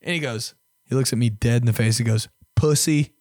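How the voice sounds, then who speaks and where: A young man hosting a podcast, telling crude, self-mocking stories in a casual way and swinging between loud and quiet. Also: mid-range voice, normal speed, dry recording, clean studio sound. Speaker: podcast host. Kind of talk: casual storytelling.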